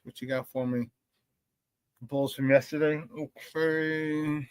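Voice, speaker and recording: A man hosting a casual morning sports radio show, talking with energetic, slangy hype. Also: on the high side, slow, smooth, no echo, clean studio sound.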